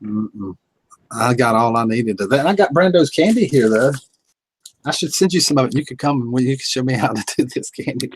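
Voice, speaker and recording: A man's voice: mid-range voice, lively intonation, a little fast, rough recording. A man, hosting a folksy, easygoing casual chat. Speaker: host.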